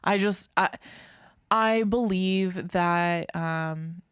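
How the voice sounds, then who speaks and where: A woman's voice: fairly low pitch, drawn-out words, smooth, dry recording, clean studio sound. A young woman co-hosting a podcast, chatting casually and rambling through a story with many fillers and restarts. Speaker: podcast co-host.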